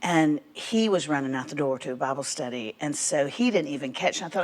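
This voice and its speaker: A middle-aged woman, telling a lively story on a TV talk show, laughing as she goes. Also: low voice, a little fast. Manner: animated Southern storyteller, laughing through her words. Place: TV studio.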